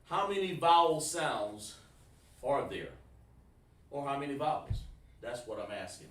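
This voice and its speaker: A man's voice: medium pitch, very animated, unhurried, a bit bright, echoey room, distant mic. A man teaching a Hebrew class online, casual and repetitive, calling students by name. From South Carolina, USA. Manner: informal, repeats words, talks to students by name.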